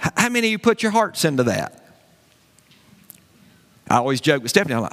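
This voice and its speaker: A man preaching a sermon as pastor, animated and conversational, with folksy asides to the congregation. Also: a little high, brisk, pauses often, big-room sound.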